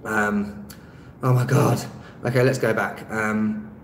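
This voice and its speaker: A man's voice: lowish voice, flat delivery, takes it slowly. A man from London with an Estuary English accent, chatting casually on a live stream and reading out viewers' comments. He rambles, with lots of ums and restarts, and pokes fun at himself. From London, England. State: tired, no rest. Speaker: travel vlogger on a live stream. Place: rented room indoors. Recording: echoey room with loud background noise and passing vehicles.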